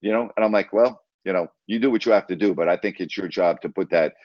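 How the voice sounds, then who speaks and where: A man with a low voice tells a story in a casual interview, speaking emphatically and acting out conversations. The recording is dry and slightly dull. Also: fast, dry recording. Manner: emphatic, retells conversations with repeated "I said". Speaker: former team broadcaster.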